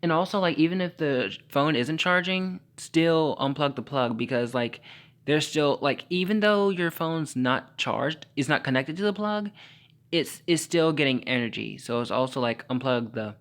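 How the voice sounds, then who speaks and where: A man's voice: medium pitch, unhurried, a bit bright. Sassy, rambling young man with caffeine jitters. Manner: sassy, rambling, heavy use of "like" and "honey"; jittery and over-caffeinated, stumbling over words. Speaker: solo podcaster. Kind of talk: late-night solo podcast rant.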